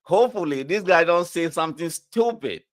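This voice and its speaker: A man with a fairly high voice tells a story in casual podcast chat. He acts out both sides of each exchange and swears freely. His pitch jumps sharply when he gets worked up. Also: expressive, normal speed.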